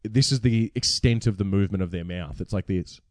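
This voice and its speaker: An Australian man in his early thirties, co-hosting a radio show in playful, animated banter and laughing often. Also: low-pitched, a little fast, no echo, clean studio sound. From Tasmania, Australia. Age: early 30s. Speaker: radio co-host. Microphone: studio mic.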